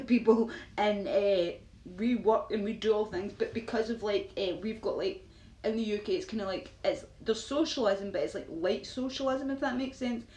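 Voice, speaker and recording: A Glaswegian woman live-streaming, chatting to viewers in a rambling, filler-heavy way with frequent laughs. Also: mid-range voice. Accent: Glaswegian Scottish. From Scotland. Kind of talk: casual live-stream chat answering viewers. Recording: roomy echo with faint noise.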